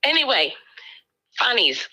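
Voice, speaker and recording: A woman's voice: fairly high pitch, big pitch swings, unhurried, sharp tone, rough recording. A woman co-hosting a casual livestream, reading out viewer comments in a playful, giggly way with lots of ums.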